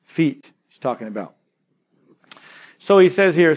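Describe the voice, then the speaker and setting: A man preaching a sermon as pastor, swinging from loud urging to quiet intensity and repeating key phrases. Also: fairly high pitch, big pitch swings, a little slow, pauses often.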